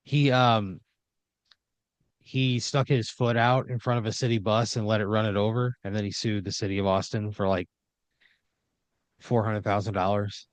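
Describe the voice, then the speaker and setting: A man's voice: lowish voice, little pitch movement, normal speed, long pauses, no room sound. A man improvising a second-person story as a podcast storyteller, rambling with uhs and restarts.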